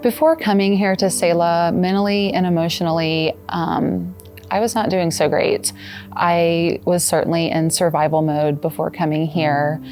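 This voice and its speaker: A woman in her thirties giving a personal testimonial, earnest and halting, with soft restarts. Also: fairly low pitch, level tone, soft background music. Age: 30s. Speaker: former patient giving a testimonial.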